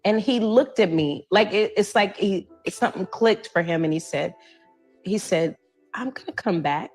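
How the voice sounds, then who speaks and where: A woman's voice: mid-range voice, normal speed, darkish tone, soft background music. A woman telling a personal relationship story in an earnest, heartfelt and tearful manner.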